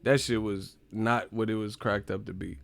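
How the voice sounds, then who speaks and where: Gravelly-voiced profane livestream host. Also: male voice, lowish voice, fairly even intonation, moderate pace. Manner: profane, mocking, reacting to chat. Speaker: live stream host. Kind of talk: casual livestream commentary.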